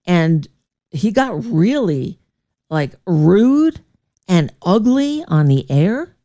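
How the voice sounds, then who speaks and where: A woman's voice: mid-range voice, big pitch swings, slow, dark tone, dry recording, clean studio sound. A woman radio host telling a story in a casual, digressive way, often laughing and reacting to a live chat.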